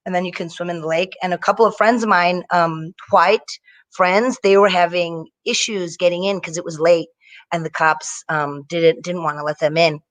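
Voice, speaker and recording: A young woman performing a stand-up set over a live video stream, telling stories in an animated way and slipping into mocking voices. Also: fairly low pitch, moderate pace. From Indian family. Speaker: stand-up comedian.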